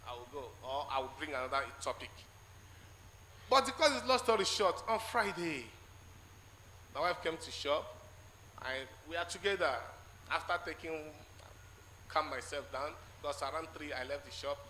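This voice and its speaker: A man with a Nigerian English accent tells his testimony in a large church, his bright, fairly high voice ringing with long hall reverb. He tells it haltingly, stopping to act out what each person said. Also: animated. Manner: halting storytelling, acting out quoted exchanges. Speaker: church member giving a testimony. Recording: echoey church hall with faint noise.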